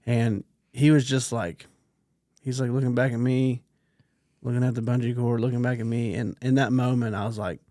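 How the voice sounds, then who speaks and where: A man's voice: mid-range voice, moderate pace, no echo. Dry-sounding male podcast storyteller. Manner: animated storyteller, acts out quotes, drops to a whisper. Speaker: podcast co-host. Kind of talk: casual chat, storytelling.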